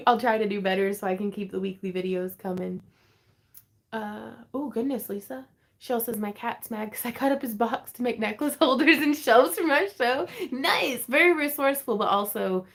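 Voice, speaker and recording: Chatty woman hosting a craft livestream. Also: on the high side. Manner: chatty, rambling, quick to laugh; reads viewer comments aloud and answers them. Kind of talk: casual livestream chat. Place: at home.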